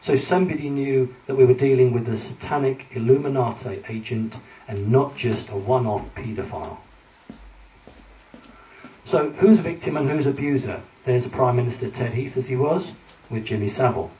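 A lecturer with a dark, mid-range voice speaks at normal speed, using slides to warn his audience earnestly and emphatically. A distant mic captures the echoey hall, faint ambience and a little hiss or hum.

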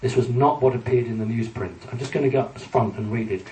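A fast-talking man with a warm, medium-pitched voice presents a public talk with slides, emphatically and earnestly warning those listening. It's recorded in an echoey hall through a distant mic, with faint ambience.

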